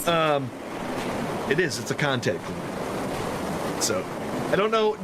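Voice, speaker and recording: A man streaming a video game, cracking crude jokes and laughing at himself, low on energy with a headache. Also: very animated, slow, very noisy. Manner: jokey and self-mocking, laughs often. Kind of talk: let's play commentary.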